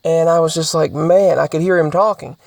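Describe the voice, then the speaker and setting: A vlogger in a casual podcast-style monologue who talks haltingly, restarts often and repeats words, and sometimes drops to soft, near-whispered asides. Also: medium pitch, fairly even intonation, vocal fry, dry recording, clean studio sound.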